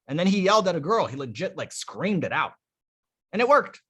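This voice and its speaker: Guy coaching a live dating class, kinda high voice, punchy and bright, keeps repeating words as he goes. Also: brisk, husky. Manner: energetic, emphatic, restarts words often. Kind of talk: live group coaching feedback.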